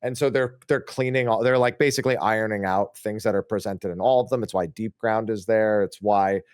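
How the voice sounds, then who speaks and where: A man as a podcast guest, explaining his view in a measured way with a few restarts. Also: lowish voice, fairly even intonation, a little mellow, clear, resonant tone, no room sound, clean studio sound. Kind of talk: casual podcast discussion.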